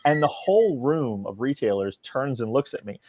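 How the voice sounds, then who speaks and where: A man's voice: medium pitch, sing-song, normal speed, a little mellow, dry recording. A man, a comic book writer guest in a podcast interview, telling a casual anecdote and acting out the quoted dialogue. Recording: dry, dull lo-fi sound.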